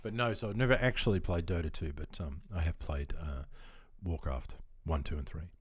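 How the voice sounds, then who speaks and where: A man's voice: low-pitched, moderate pace, husky, no room sound, studio quality. A man chatting casually on his game live stream. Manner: chatty, reads out chat messages.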